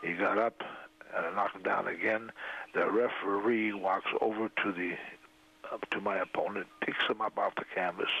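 An older man, a raspy-voiced interview guest, tells a long story in a halting way, full of "uh" fillers, on a dull lo-fi recording. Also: fairly low pitch, fairly even intonation, sharp tone. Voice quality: gravelly, raspy. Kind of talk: rambling storytelling. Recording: dull lo-fi radio sound.

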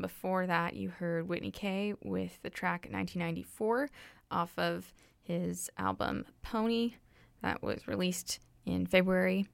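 A woman's voice: on the low side, creaky, dry recording. A young woman hosting a college radio show, introducing tracks in a casual way with lots of ums. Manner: casual, many ums, offhand. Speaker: radio host. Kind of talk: campus radio DJ chat. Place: radio studio.

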